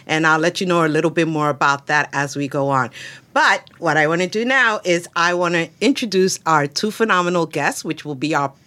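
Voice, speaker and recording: A woman's voice: deep voice, a little fast, sharp tone. A woman hosting a podcast interview on a headset mic, enthusiastic and chatty. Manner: enthusiastic, chatty, laughs easily. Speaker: podcast host.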